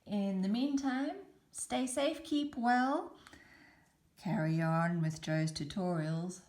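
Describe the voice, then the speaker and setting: A woman hosting a beading tutorial, calmly explaining each step as she works. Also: mid-range voice, takes it slowly. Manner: calm, chatty explaining while working. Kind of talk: step-by-step craft demonstration.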